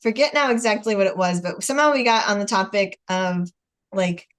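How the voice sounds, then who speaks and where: A woman's voice: mid-range voice, brisk. Chatty American woman on a video call. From United States. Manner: chatty storyteller, laughs often, acts out dialogue. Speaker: host. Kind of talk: casual chat on a video call.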